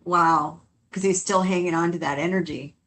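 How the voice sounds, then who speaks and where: A woman co-hosting a paranormal podcast in loose, casual conversation. She has a slightly low voice, laughs often and drifts into quick asides. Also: steady tone, a bit bright, slight background noise. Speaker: podcast co-host.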